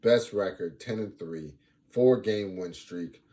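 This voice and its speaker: A man's voice: lowish voice, takes it slowly. A young man hosting a casual sports fan vlog, talking playfully and repeating lines for emphasis. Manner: animated, playful trash talk.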